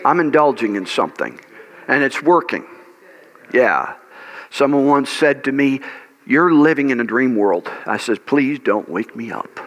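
A man's voice: medium pitch, lively intonation, unhurried, fairly bright tone, big-room sound. A male pastor preaching a sermon, emphatic, repeating key words and putting questions to his congregation. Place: church sanctuary.

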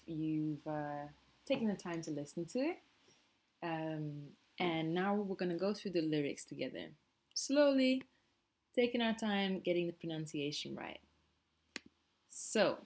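Slow, patient woman teaching a language. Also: sits low, a little mellow. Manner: slow, patient, models phrases for repetition. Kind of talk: language lesson, repeat after me.

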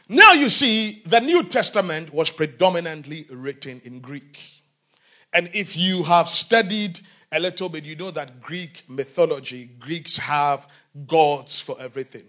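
Man, preacher, sermon, high voice, bright and forceful, asks questions of the congregation. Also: lively intonation, measured pace. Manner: swings between shouting and quiet talk.

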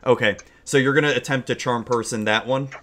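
A man narrating as game master in a casual tabletop session, describing scenes haltingly with many fillers. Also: medium pitch, fairly even intonation, noisy background.

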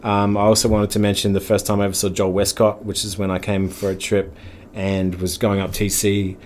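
A man's voice: fairly low pitch, monotone, brisk, a little mellow. A man, a podcast guest in casual chat who swears often and laughs through his stories. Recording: faint background noise.

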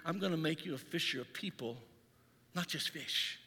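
Preacher doing jesus talking soft and easy to a friend, bright voice. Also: male voice, fairly high pitch, moderate pace, husky, in a large hall, pitched below the performer's own voice, exaggerated voice. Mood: gentle. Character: Jesus, gentle teacher speaking to a friend.

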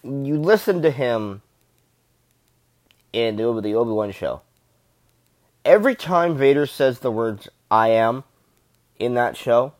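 Dude gushing about a show, rambly and swearing, medium voice, dry close sound. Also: male voice, mid-range voice, a little mellow, no echo. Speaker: fan commentator. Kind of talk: casual enthusiastic commentary.

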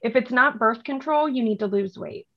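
A woman's voice: on the high side, normal speed. Brief: woman, casual co-host, short reactions, slightly muffled recording. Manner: reactive listener, short interjections. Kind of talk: casual conversation.

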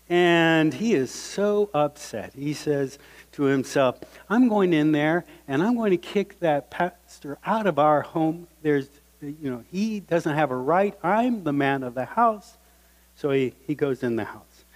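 A man preaching as a guest speaker, telling a story with animated voices for the people in it. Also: fairly high pitch. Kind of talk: sermon storytelling. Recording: reverberant hall.

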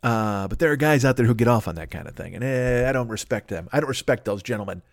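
A man's voice: mid-range voice, expressive, fast talker, gravelly, no echo, studio quality. Profane rambling male podcast host. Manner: profane, rambling, self-mocking. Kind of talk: comedic solo podcast monologue.

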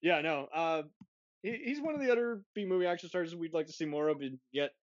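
This film review podcast host speaks with a fairly high pitch and lively intonation, going a little fast. He keeps rambling casually, interrupting himself to restart sentences and laughing frequently. The sound is dull, lo-fi and dry, without echo.

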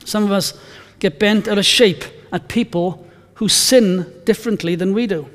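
A man's voice: high voice, moderate pace, big-room sound. A male pastor preaching a conversational sermon, telling stories and reading scripture with emphasis.

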